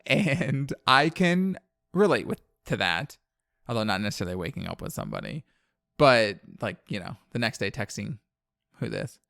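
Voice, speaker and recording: A man's voice: mid-range voice, very animated, moderate pace, gravelly, fairly bright tone, no room sound, studio quality. A man from New Orleans co-hosting a podcast, recapping a horror film in casual, profane chat and laughing often. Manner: chatty, profane, laughs often, many fillers.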